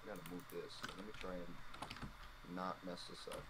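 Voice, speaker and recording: A man's voice: low-pitched, steady tone, normal speed. A sleep-deprived man chatting casually on a game stream, joking, humming and singing along. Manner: goofy, hums and sings along, joking. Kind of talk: casual gaming stream chat. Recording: noisy home mic with keyboard clatter.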